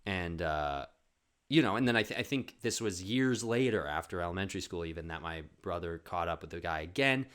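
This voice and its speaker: A man telling a story on his podcast in a loose, rambling way. His voice sits fairly low, and he swears casually and fills his sentences with "like." The tone is offhand and comic. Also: expressive, brisk, fairly bright tone, clean tone. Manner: rambling, swears, says "like" often. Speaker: podcast host.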